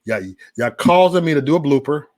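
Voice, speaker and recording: A man hosting a casual livestream chat, loud and profane, swinging between shouting and mumbling. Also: a little high, animated, brisk. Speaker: livestream host.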